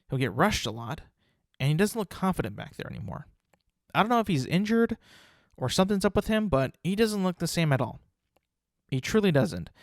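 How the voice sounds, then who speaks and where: A man with a mid-range voice hosts his own casual podcast, chatting about the weekend's games. He rambles and repeats himself, with lots of fillers and strong opinions, and the sound is dry and close with no room echo.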